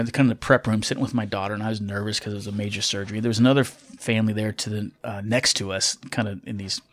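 A middle-aged man, a former military officer turned pilot, telling a story in a candid, reflective way with fillers and restarts. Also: lowish voice. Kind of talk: casual storytelling.

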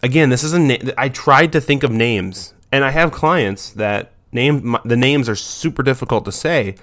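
A man's voice: mid-range voice, normal speed, fairly bright tone. A man giving casual advice about naming dogs, rambling and breaking off his own sentences. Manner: rambling, self-interrupting, loose and informal.

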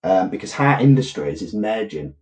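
A man's voice: fairly low pitch, big pitch swings, moderate pace, darkish tone. A man co-hosting a podcast, chatting casually as he retells a TV episode and slips into quoted voices. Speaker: podcast co-host. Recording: roomy echo.

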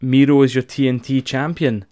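A man with a Scottish accent recapping a wrestling show in casual, profane, animated chat as a podcast co-host. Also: mid-range voice, normal speed.

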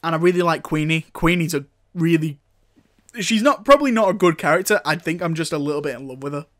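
A man's voice: a little high, animated, fast talker, a bit bright. Jokey young man hosting a film podcast. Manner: jokey, teasing, laughs often. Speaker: podcast host. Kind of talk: casual film review chat.

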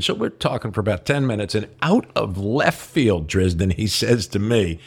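An older man co-hosting a podcast in a studio, telling a story in an animated way and laughing often. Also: lowish voice, normal speed, gravelly, hardly any pauses, husky. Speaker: podcast co-host. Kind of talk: casual podcast chat. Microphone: studio mic.

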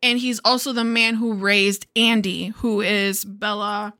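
Bright-voiced giggly woman podcast host. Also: medium pitch, fairly even intonation, measured pace. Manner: swearing, giggly, chatty. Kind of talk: casual chat.

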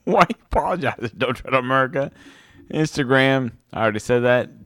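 A man's voice: mid-range voice, lively intonation, fairly quick, fairly bright tone, faint music behind. A man co-hosting a podcast in casual, laughing, rambling banter while drinking. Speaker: podcast co-host. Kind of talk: casual chat.

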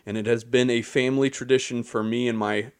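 A man's voice: medium pitch, steady tone, brisk. A young man co-hosting a podcast, chatting in a rambling, easygoing way with restarts. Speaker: podcast co-host. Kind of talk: casual chat.

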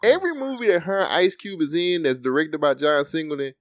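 A man's voice: fairly high pitch, a little fast, no room sound, studio quality. A man co-hosting a podcast, chatting casually about a movie and acting out lines from it. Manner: animated, acts out movie lines in quotes. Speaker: podcast co-host.

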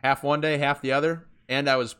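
A man's voice: on the high side, flat delivery, brisk, a bit bright, clear, resonant tone. A young man trading crude jokes with his friends on a casual podcast. He talks loosely and keeps the banter going. He is close to a cheap home mic. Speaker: podcast co-host. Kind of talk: casual chat. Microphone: cheap USB mic.

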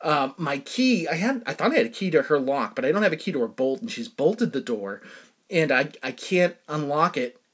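Lively rambling man telling a story. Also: fairly high pitch, normal speed, slightly rough. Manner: rambling, frequent fillers, bursts of laughter. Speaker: show host. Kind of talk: casual personal storytelling.

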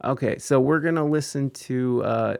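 A man's voice: mid-range voice, moderate pace, creaky, darkish tone. A man hosting a casual live-streamed interview, rambling and thanking viewers as he goes. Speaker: podcast host.

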